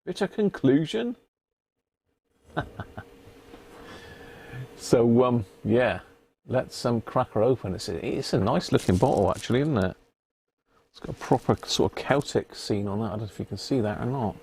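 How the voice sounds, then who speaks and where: A British man with a gravelly, husky voice hosts a relaxed live stream. He chats in a loose, joking way and reads out bits of text along the way. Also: medium pitch, moderate pace, pauses often. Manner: chatty and jokey, reading labels aloud. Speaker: radio repair live-stream host. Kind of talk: casual live-stream chat.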